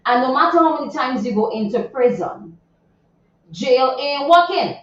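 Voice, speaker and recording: A woman hosting a morning radio show chats at normal speed about a viral news item, her high voice full of lively intonation. Indignant and chatty, she throws in plenty of asides, while the studio audio comes across very echoey, distant and dull.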